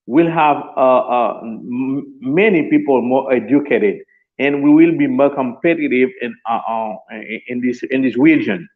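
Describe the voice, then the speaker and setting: A man's voice: mid-range voice, unhurried. A man with a Haitian accent, a student giving his opinion in a class debate, hesitating with many fillers and restarts. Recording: tinny phone-like line.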